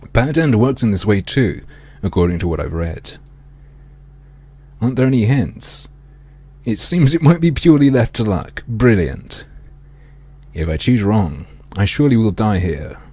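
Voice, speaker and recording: A man streaming a video game, reading its text aloud in a mock-dramatic way with sardonic, swearing asides, his throat strained and often cleared. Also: lowish voice, expressive, measured pace, pauses often, warm tone. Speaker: gaming streamer.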